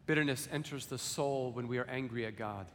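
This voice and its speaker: Man, preacher, sermon, slow deliberate delivery, long hall reverb, faint room noise. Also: mid-range voice, a bit bright. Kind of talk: sermon with scripture reading.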